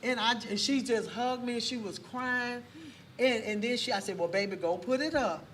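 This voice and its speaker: A woman telling a faith story as a guest on a casual talk show, lively and full of church exclamations. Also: fairly high pitch, moderate pace. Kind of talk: testimony in a casual chat. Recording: distant mic with faint background noise.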